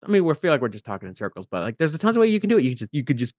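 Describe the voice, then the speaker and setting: A man chatting casually as a podcast co-host, animated and laughing often, sometimes trailing off mid-thought. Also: medium pitch, racing, no echo, studio quality. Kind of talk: casual chat.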